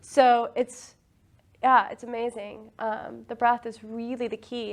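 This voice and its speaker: A woman leading a casual spiritual talk about breath and meditation, earnest and quick to laugh. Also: mid-range voice, vocal fry. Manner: laughs often, earnest and enthusiastic.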